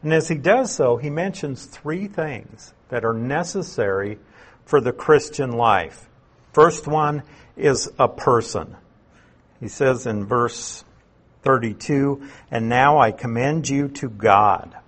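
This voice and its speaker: A man gives an expository Bible lesson at a slow, deliberate pace. His voice is a little husky, and he stops to explain terms and repeat the point so it lands. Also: mid-range voice, a bit bright. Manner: unhurried, explains terms and repeats key phrases. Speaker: Bible teacher.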